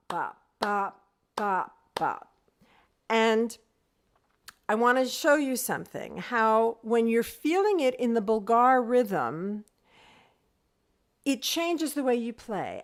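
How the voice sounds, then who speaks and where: Over a video call, a woman with a voice on the high side teaches an online group music lesson. She explains things step by step, counting beats out loud and singing rhythm syllables to demonstrate.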